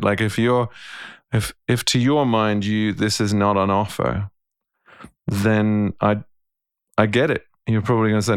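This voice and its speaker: A man with a low, gravelly voice speaks in a casual, thoughtful podcast chat. He circles back on his words and restarts sentences as he works through an idea. The sound is close and dry. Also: no echo. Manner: thoughtful, storytelling, frequent restarts. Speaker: podcast co-host. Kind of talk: casual reflective conversation.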